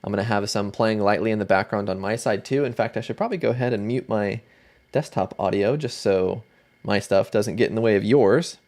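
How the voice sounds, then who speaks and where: A man hosting a casual livestream, chatting in a relaxed way and greeting viewers by name. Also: fairly low pitch, a little fast. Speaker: livestream host.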